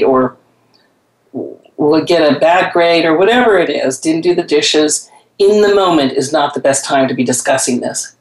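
A woman's voice: sits low, reverberant, a little hiss or hum, low-quality recording. A woman hosting a casual talk show, chatting conversationally and giving parenting advice. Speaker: host. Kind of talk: casual chat.

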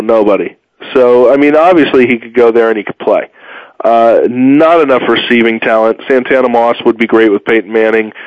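A man hosting a solo sports talk show, opinionated and rambling, with sudden pitch jumps and a tired edge. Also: dry recording. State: tired, low energy. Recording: dull muffled dry sound.

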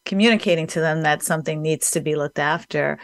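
A woman's voice: low voice, brisk, no echo, clean studio sound. A woman hosting an interview, chatty and emphatic as she asks questions and shares her view. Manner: chatty, emphatic, works with busy professionals. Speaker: host. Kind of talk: conversational interview.

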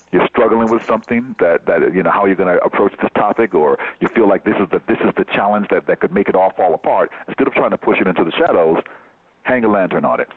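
Low-voiced man on a tinny phone-like line. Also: dry recording. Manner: energetic, repeats and restarts phrases. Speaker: poet and speaker, guest. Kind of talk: casual interview talk.

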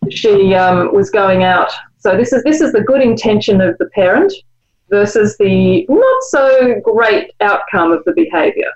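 A woman's voice: mid-range voice, expressive. Reflective woman author, muffled recording. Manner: measured, reflective explaining. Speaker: author and guest. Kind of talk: conversational interview.

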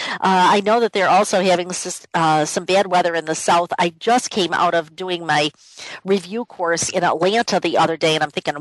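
Warm-up-free radio host: a woman talking in a dry, close voice, casual and emphatic. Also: on the low side, moderate pace, dry recording, low-quality recording. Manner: emphatic, repeats key points. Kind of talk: conversational radio talk. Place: home office.

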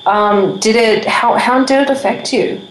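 A woman hosting a radio talk show, chatty and bubbly as she rattles off shout-outs. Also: fairly high pitch, unhurried, roomy sound, slight background noise, poor audio. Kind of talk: casual radio chat.

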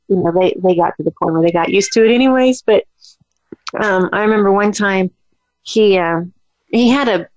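A woman's voice: fairly low pitch, no room sound, lo-fi sound. A woman chatting casually about family memories, with frequent restarts. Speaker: daughter of the family. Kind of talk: casual reminiscing.

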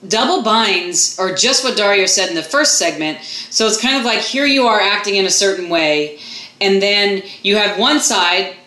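Woman talk radio host, bright and effusive, roomy echoey sound. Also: mid-range voice, moderate pace. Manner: enthusiastic, animated, chatty. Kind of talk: casual talk radio chat.

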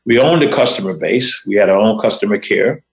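A man hosting a show, telling a motivational story in short phrases with dramatic, deliberate pauses. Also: on the low side, reverberant, rough recording. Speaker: host.

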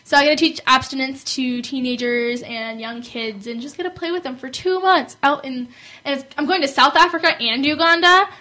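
A young woman co-hosting a casual teen podcast, telling stories in a chatty, animated way. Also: sits high, a little fast, poor audio. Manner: chatty, animated storytelling with mimicked quotes. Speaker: co-host. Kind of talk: casual chat.

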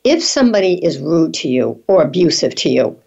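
A lower-pitched woman asks her questions with a lively, swooping intonation. Her audio is dull and muffled, as if recorded on a low-grade line. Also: fairly quick, gravelly, slightly rough. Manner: engaged, with brief backchannels. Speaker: interview host. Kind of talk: interviewing.

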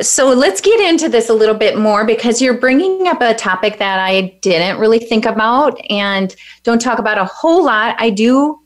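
A woman hosting a faith-based coaching show, affirming and encouraging as she interviews her guest in casual chat. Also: on the high side. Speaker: host, spiritual life coach.

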